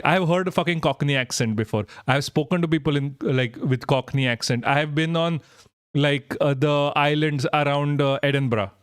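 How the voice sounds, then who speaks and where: A man's voice: fairly high pitch, clear, resonant tone, no room sound, studio quality. A young Indian man hosting a live stream, ranting bluntly and with lots of swearing as he answers viewer comments. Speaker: livestream host.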